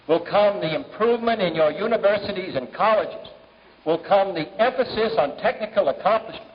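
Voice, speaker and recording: A middle-aged man giving a formal political speech at a fundraiser, measured and pausing often with "uh" between phrases. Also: high voice. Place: large banquet hall. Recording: dull 1960s archive recording, long hall reverb, faint hiss.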